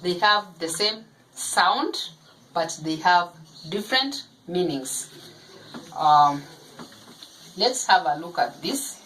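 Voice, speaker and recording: Slow, deliberate woman teaching phonics. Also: on the low side, expressive, fairly bright tone, slight background noise, rough recording. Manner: slow, deliberate, repeating each syllable aloud. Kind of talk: phonics lesson for parents of young children.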